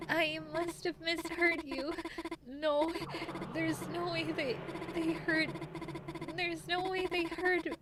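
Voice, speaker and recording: A woman voicing a frightened, timid young reindeer girl in a game, reading her lines in a hushed, shaky way. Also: very high voice, little pitch movement, takes it slowly, very noisy. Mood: shaken.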